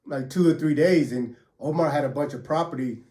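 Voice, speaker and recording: A man's voice: fairly high pitch, brisk, mellow. A man casually telling a story from his prison years, full of profanity and street slang, acting out the blows as he goes. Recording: echoey room.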